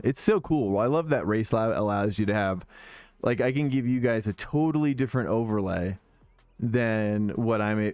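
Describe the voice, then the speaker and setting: A man's voice: fairly low pitch, dry recording. A man streaming sim racing, chatting casually to viewers while he drives, often restarting and correcting himself, with faint music behind. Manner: chatty, self-correcting, excitable. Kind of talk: casual live-stream chat while driving.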